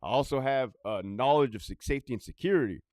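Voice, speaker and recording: A man's voice: mid-range voice, fast talker, a little mellow, no echo, clean studio sound. A man who is a former prison guard, ranting profanely in a casual vlog, rambling and often laughing.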